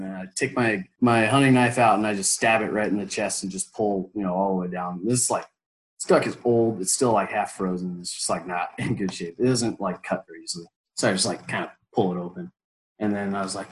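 A man in his twenties telling a story as an interview guest, animated and full of fillers, bursting into loud quoted pep talks. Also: lowish voice, brisk, poor audio. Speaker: former college baseball player, guest.

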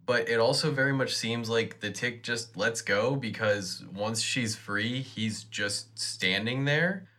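A man co-hosting a podcast, casually recapping a TV episode in a steady way with dry asides. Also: medium pitch. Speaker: podcast co-host.

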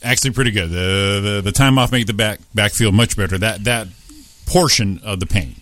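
Low-voiced man with dry, wry comebacks. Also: fairly quick, fairly bright tone, dry recording. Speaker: podcast co-host. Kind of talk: casual podcast chat.

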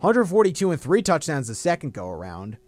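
A man co-hosting a casual sports podcast. He gives analytical, stat-heavy game picks in a measured way. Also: a little high, wildly swooping pitch, a little mellow.

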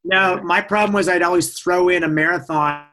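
A man's voice: high voice, fairly even intonation, sharp tone. A man on a podcast as a guest athlete, answering questions casually and poking fun at himself. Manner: quick, self-mocking answers. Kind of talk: casual interview chat.

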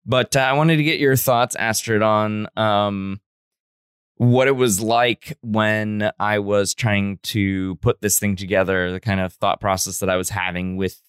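A man's voice: fairly low pitch, fairly even intonation, unhurried, clear, resonant tone, dry recording, clean studio sound. A man in his thirties hosting a casual podcast, talking hesitantly with restarts. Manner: hesitant, many restarts and fillers. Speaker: podcast host, teacher.

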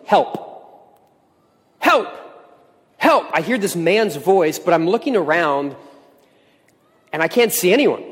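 A man in his thirties preaches a sermon, slightly high-voiced and earnest, building points through repeated phrases. His voice carries a long reverb from the hall around him. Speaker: pastor.

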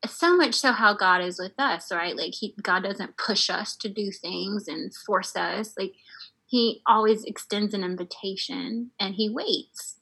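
Woman guest chatting, bright voice, kinda breathy, laughs a lot while telling her story. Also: mid-range voice, a little slow, poor audio. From United States. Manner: animated, laughs often, many fillers. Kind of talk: casual storytelling.

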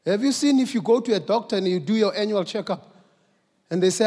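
A man preaching a sermon, moving from quiet, slow teaching up to shouted exhortation. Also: high voice. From South Africa. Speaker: pastor. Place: large church hall. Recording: long church hall reverb.

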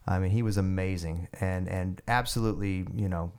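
A man with a fairly low voice spins a long story in a casual podcast interview. He rambles, restarts and leans on fillers, his delivery animated and loose. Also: brisk, clear, resonant tone. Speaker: guest musician and army veteran.

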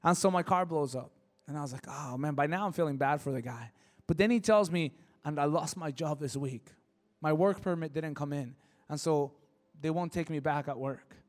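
A man from Mexico preaching, telling personal stories in a lively, emotional way that swings from hushed to loud. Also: fairly high pitch, normal speed. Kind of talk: sermon storytelling.

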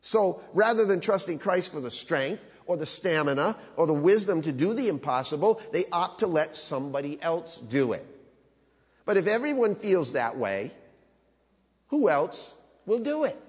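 A man preaching in a church, his fairly high voice carrying a long reverb through the large room. He talks emphatically, climbing to loud, high peaks and then falling to quiet, low asides. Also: very animated, normal speed. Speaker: pastor. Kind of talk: sermon.

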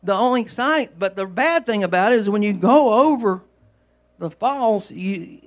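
A man preaching an informal sermon, rambling and repeating himself as he tells homespun stories. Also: high-pitched. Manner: rambling, repetitive, homespun storytelling. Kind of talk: conversational sermon.

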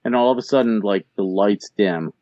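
A man's voice: on the low side, normal speed, dry recording, lo-fi sound. A man co-hosting a podcast who chats casually and enthusiastically, laughing often. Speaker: podcast co-host. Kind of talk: casual chat.

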